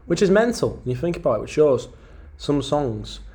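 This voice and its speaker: A man's voice: fairly high pitch, big pitch swings, normal speed, mellow. Joking young male podcast host. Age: young adult. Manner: jokey, rambling banter. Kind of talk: casual interview chat.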